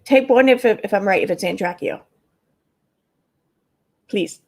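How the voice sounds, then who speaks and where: A woman with a Midwestern American accent chats loosely on a livestream, wandering from thought to thought and swearing freely. Her voice has a gravelly fry in it, at a middle pitch. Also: measured pace, long pauses, darkish tone. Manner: rambling, profane, talks to chat. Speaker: livestream host. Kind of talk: casual livestream chat.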